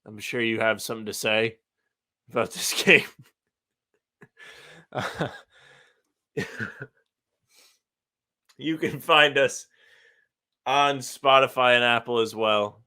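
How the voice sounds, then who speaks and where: A man co-hosts a casual sports podcast in an easy, dry manner. His voice sits at a middle pitch and sounds bright and forward. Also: slow pace, pauses often, clear, resonant tone. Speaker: podcast co-host. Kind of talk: casual chat.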